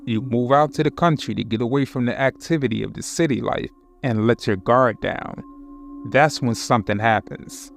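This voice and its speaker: A man narrating scary home-alone stories in a measured, suspenseful way. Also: mid-range voice, creaky, faint music behind. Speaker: horror story narrator. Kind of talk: scripted narration.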